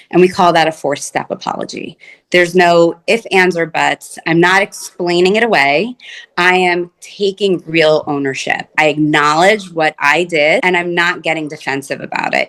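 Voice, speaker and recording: A woman's voice: fairly low pitch, a little slow, fairly bright tone. A woman couples therapist speaking in an interview, earnest and explanatory, often acting out the words of her clients. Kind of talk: conversational interview.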